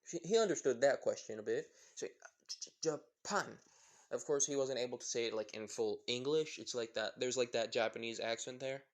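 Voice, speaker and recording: A man's voice: medium pitch, a little fast, few pauses. A man casually retelling a fan story, rambling with lots of fillers and self-corrections.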